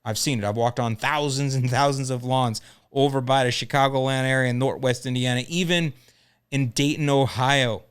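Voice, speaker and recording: A man's voice: medium pitch, steady tone, moderate pace, clean tone. A middle-aged man hosting a lawn care podcast, telling a story in a casual, joking way.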